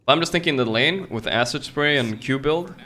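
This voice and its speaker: A man's voice: medium pitch, lively intonation, brisk, bright, forceful tone. A man streaming and chatting casually while commentating a game, joking loosely and swearing freely.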